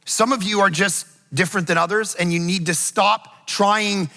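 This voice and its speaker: A man in middle age delivers a chatty, story-driven sermon in a high, bright voice with a gravelly edge. He slips into little acted asides as he goes. The sound carries the long reverb of a church hall. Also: fairly even intonation, moderate pace, soft background music. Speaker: pastor. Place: church sanctuary.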